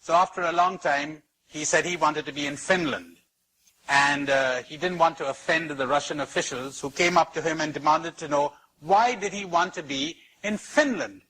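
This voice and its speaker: A man giving a spiritual talk to an audience, storytelling slowly and emphatically with lots of repetition and wide swings in pitch. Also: bright, forceful tone, a little hiss or hum, poor audio. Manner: storytelling with anecdotes. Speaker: spiritual teacher.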